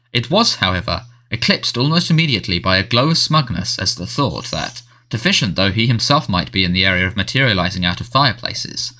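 Lively, bright-toned male audiobook narrator. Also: lowish voice. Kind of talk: scripted narration.

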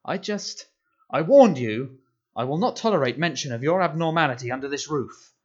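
A man reading aloud voices a blustering, bad-tempered middle-aged uncle with a roaring, shouted delivery. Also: medium pitch, sing-song, normal speed, pitched above the performer's own voice. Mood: furious. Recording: dull lo-fi audio.

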